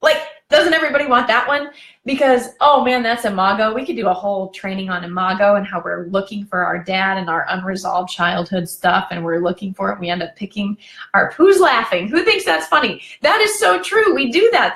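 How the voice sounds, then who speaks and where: A woman coaching on relationships in a live video session, talking in a chatty, animated way and laughing as she goes. Her voice sits at a middle pitch. The room around her is echoey, as on a webcam or phone stream.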